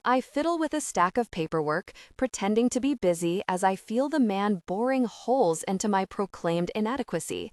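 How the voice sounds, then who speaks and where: A woman reading a first-person romance audiobook in an expressive, even storytelling manner. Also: mid-range voice, normal speed, hardly any pauses, no echo, studio quality, distant mic. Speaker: audiobook narrator.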